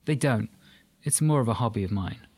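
A man's voice: medium pitch, lively intonation, moderate pace, a little mellow, breathy edge. A man voicing a prickly woman who is a former army ship's doctor, speaking bluntly and firmly. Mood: apologetic. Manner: blunt, firm.

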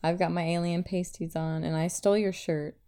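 A woman's voice: on the low side, flat delivery, a little fast, warm tone, clear, resonant tone. A woman co-hosting a podcast, chatting casually and gushing with short remarks. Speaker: podcast co-host. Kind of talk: casual chat.

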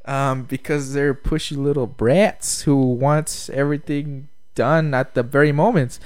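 A man's voice: mid-range voice, steady tone, measured pace, dry recording. A young man co-hosting a podcast, rambling in casual chat with lots of fillers and laughter. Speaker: podcast co-host.

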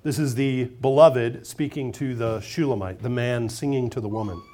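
A man's voice: mid-range voice, normal speed, hardly any pauses, dark tone. A man pastor reading scripture aloud, praying, then preaching in a conversational way.

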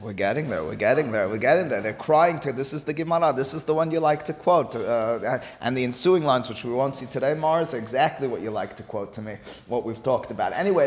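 Animated man teaching a Talmud lesson. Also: medium pitch, fairly quick, few pauses. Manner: animated, rising to emphatic pleas; switches between Hebrew-Aramaic text and English explanation.

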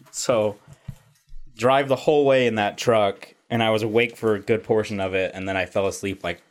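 Low-voiced man telling rambling stories. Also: steady tone, normal speed, faint music behind. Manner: rambling storyteller, swears freely. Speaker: podcast host. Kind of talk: casual chat.

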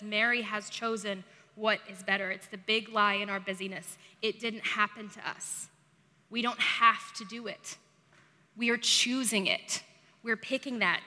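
A woman delivers a sermon in a relaxed, chatty way, often leaning on "like" and poking fun at herself. Her voice sits a little high and sounds bright and forceful. The sound carries a long reverb, as in a large church hall. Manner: chatty and self-deprecating, heavy use of "like". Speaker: preacher. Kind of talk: conversational sermon. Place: church service.

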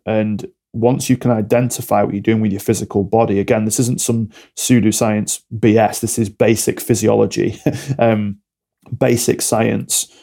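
A man's voice: fairly low pitch, gravelly, dark tone. A man talking bluntly and directly as a coach being interviewed on a podcast. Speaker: alcohol-free coach, podcast guest.

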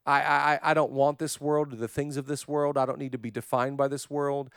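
A man preaching a sermon as pastor, swinging from loud fervent repetition down to soft, low, hushed passages and speaking straight to viewers online. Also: level tone, fairly quick, hardly any pauses, smooth, no room sound, clean studio sound. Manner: addresses online viewers directly.

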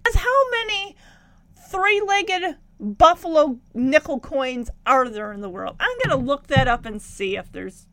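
High-voiced chatty woman recapping a show. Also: expressive, measured pace, a bit bright, no room sound. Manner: chatty, talks back to the characters. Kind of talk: casual episode recap commentary.

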